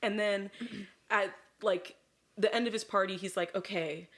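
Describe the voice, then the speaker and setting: A woman co-host talks loosely after a few drinks, her voice sitting at an ordinary middle pitch. She rambles through her story, stacking fillers and breaking into laughing asides. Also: steady tone, a little slow, fairly bright tone. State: a little drunk. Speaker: podcast co-host. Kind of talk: casual chat retelling a story.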